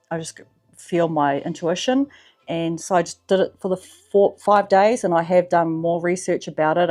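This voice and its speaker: A woman with a New Zealand accent talking casually in a personal vlog, slangy and profane, sometimes softening to a low, hushed voice. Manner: chatty, swears freely, slangy; drops to a soft, low voice in the spiritual parts. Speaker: vlogger.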